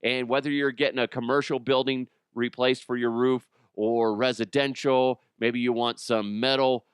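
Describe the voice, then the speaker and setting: Podcast guy rambling and joking around, smooth clear voice, dry close mic. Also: medium pitch, level tone, moderate pace, no echo. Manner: rambling, jokey, slips into impressions. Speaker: podcast host. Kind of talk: casual comedic monologue.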